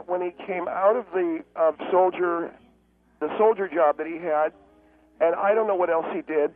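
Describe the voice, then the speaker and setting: A high-voiced man rambles down a tinny phone line with faint music behind him. He talks in halting, distracted stops and starts, trailing off and circling back. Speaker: caller. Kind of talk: comedic rambling phone call. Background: piano music.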